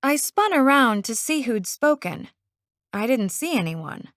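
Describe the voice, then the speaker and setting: A woman narrating a first-person novel audiobook in an expressive, unhurried way. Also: a little high, no echo, clean studio sound.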